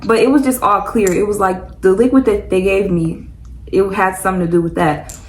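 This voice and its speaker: A young woman talks straight to her viewers in a relaxed storytime vlog. She rambles and circles back, and her mid-range voice stays easygoing and chatty. A faint hiss sits under the recording. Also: medium pitch, brisk, rough recording. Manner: rambling, loose and chatty, full of "like" and "y'all". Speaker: vlogger. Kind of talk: casual storytime chat.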